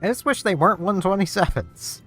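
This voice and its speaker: A man's voice: high voice, lively intonation, fairly quick, a bit bright, faint music behind. A man with a Canadian accent giving casual, sarcastic commentary while streaming a game. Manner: wry, sarcastic asides.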